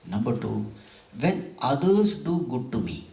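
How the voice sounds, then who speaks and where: A man's voice: medium pitch, big pitch swings, measured pace, creaky, mellow, distant mic. A man giving a spiritual scripture discourse, telling stories and asking his audience questions. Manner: storytelling, with frequent questions to the audience. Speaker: spiritual teacher. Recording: roomy hall, away from the mic.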